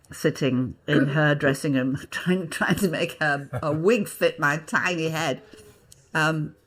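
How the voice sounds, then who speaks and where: An older woman from Hull, an actress, recounts her stage years as a guest. Her telling is vivid and theatrical, and she keeps dropping into character voices. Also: low-pitched. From Hull, England. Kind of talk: anecdotal interview storytelling.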